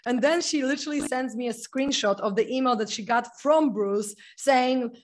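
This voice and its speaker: A woman hosting an interview, telling a story in an excitable way and laughing often. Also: high voice, moderate pace, hardly any pauses. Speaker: podcast host. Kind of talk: casual interview chat.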